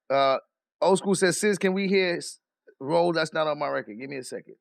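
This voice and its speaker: A man hosting a livestream, reading out donor messages and reacting with profane, animated commentary. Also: fairly high pitch, brisk, gravelly, dry recording, clean studio sound. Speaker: livestream host.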